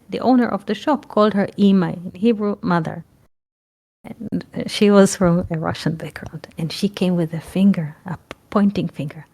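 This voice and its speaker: A woman giving a reflective spiritual talk, often pausing to search for words. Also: medium pitch, darkish tone. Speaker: spiritual teacher.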